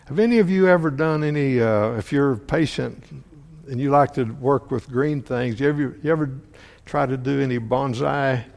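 Man, preacher, sermon, halting, repeats words, long hall reverb. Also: medium pitch, creaky, darkish tone. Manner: halting, repeats words, asks the audience questions. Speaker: preacher or Bible teacher.

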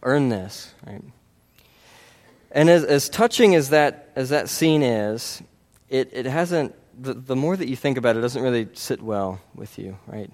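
With a mid-range, darkish voice, this man speaks a little slowly and expressively as he preaches. His sermon feels earnest and conversational, full of "right?" check-ins with the congregation and restarted sentences.

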